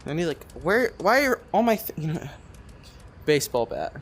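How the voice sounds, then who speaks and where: A man giving let's-play commentary, rambling and excitable, swearing often and talking to himself as he plays. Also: a little high, normal speed, husky. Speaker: gamer playing a cooking game.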